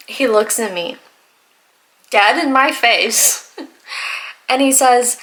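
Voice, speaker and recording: A young woman vlogger telling exasperated, animated stories about customers at work in a casual storytime while doing her makeup. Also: fairly high pitch, very slow, long pauses, low-quality recording. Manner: exasperated, animated retelling with laughs and sighs. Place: home, getting ready in front of the camera.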